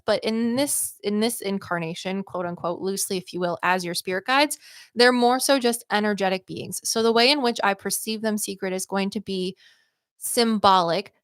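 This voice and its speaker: A woman's voice: medium pitch, normal speed, no echo, clean studio sound. A woman hosting livestream psychic readings, chatty and upbeat, rambling with lots of "like" and "um". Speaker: psychic medium host.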